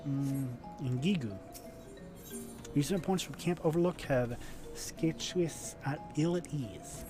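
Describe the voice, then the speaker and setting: Rambling slow-talking man streamer. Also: fairly high pitch, warm tone, soft background music. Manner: rambling, self-deprecating, stumbling. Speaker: game streamer. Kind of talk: casual live-stream chatter.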